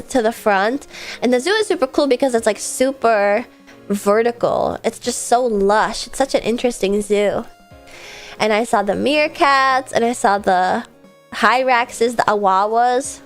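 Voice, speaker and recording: A young woman talks through a relaxed stream in a fairly high voice. She rambles from story to story and reads chat messages aloud before answering them. Soft music plays quietly behind her. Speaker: VTuber streamer.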